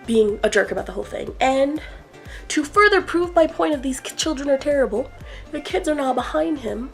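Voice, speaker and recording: A woman with a gravelly, slightly high voice vents in a casual vlog rant. She retells a frustrating story with exasperation and acts out the lines of the people in it. Soft music plays under her voice. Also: a little fast, rough recording. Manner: exasperated, animated retelling with acted quotes. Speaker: vlogger.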